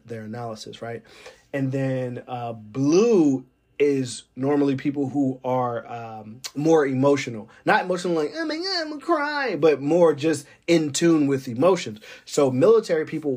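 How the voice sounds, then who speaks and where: A man's voice: mid-range voice, darkish tone. Rambling man musing with wry laughs. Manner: rambling, digressive, many fillers. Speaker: military weather forecaster. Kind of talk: casual monologue.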